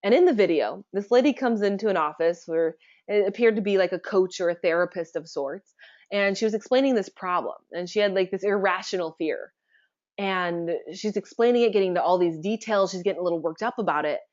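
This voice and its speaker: A woman giving a conversational webinar presentation, chatty and relaxed, often asking her listeners rhetorical questions. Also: medium pitch, a little fast, muffled recording.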